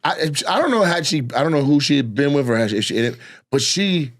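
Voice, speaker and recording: A man co-hosting a comedy podcast, telling a story in a crude, animated way with frequent laughter. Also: fairly high pitch, brisk. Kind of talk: casual chat, storytelling.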